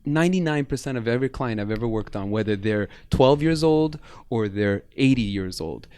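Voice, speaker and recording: Male healer guest, mid-pitched, flowing earnest talk, dry close recording. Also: brisk, clear, resonant tone, no room sound. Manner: earnest, flowing, animated, guides breathing. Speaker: podcast guest, bodywork healer. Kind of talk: casual interview chat.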